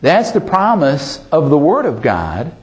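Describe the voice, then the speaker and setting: Male pastor, sermon, animated pitch, emphatic, amen calls. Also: a little slow.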